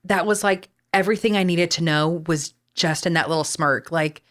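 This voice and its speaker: A woman's voice: on the low side, moderate pace, fairly bright tone. A woman from Texas with a Texan accent, talking casually as a podcast host, chatty and full of fillers with casual swearing. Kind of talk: casual chat.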